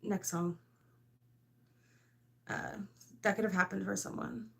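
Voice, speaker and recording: A woman's voice: medium pitch, steady tone, slow, gravelly, a bit bright. Rambling woman giving a casual tarot reading. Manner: rambling, full of "like" and "I don't know"; frank, with laughs mixed in. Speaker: tarot reader.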